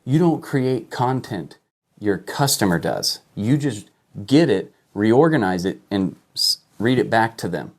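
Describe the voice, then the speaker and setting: A man's voice: fairly low pitch, sing-song, a little slow. A man teaching online marketing on a livestream, talking emphatically, asking rhetorical questions and checking in with "okay?" as he points at his screen. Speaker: online business coach. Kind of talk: live-streamed marketing lesson.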